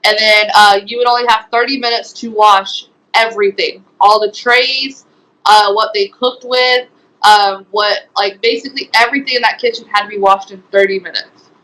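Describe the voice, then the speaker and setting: A woman's voice: mid-range voice, fairly even intonation, normal speed, bright, forceful tone, rough recording. A young woman giving interview testimony, hesitant, with frequent ums and likes. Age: young adult. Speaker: guest, former resident.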